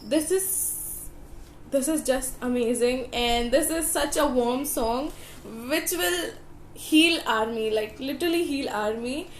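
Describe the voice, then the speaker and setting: Gushing high-voiced young woman. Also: slow, slight background noise. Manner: gushing, repeats words for emphasis. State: voice slightly rough from early morning. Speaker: YouTube reaction host. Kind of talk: excited casual reaction vlog. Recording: echoey room.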